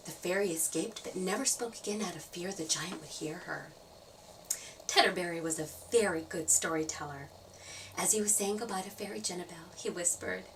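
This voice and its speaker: A woman storyteller reading a children's story aloud, playful and expressive. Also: lowish voice, normal speed, recorded from a distance, slight background noise, poor audio. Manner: expressive, playful sound effects.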